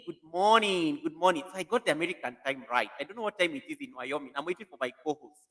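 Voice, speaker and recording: A man's voice: fairly high pitch, quick pace, fairly bright tone. A man hosting a casual live stream, animatedly greeting viewers by name while testing a new computer mic in an echoey room.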